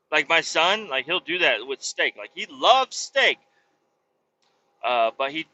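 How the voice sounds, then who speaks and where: A man's voice: on the high side, sharp tone, highs cut off. A man hosting a podcast, ranting about politics in a rambling, profanity-heavy way. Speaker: podcast host.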